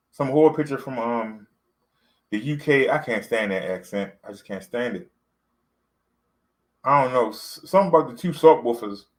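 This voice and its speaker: A male vlogger with a mid-range voice talks casually to the camera in a loose, rambling way, full of fillers and repetition. The audio quality is poor.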